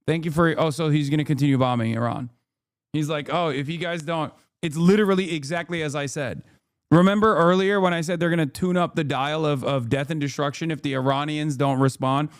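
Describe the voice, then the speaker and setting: Man in his thirties, streamer, sarcastic profane commentary, slightly high voice, dry close sound. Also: brisk, clear, resonant tone, no echo. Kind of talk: live political commentary.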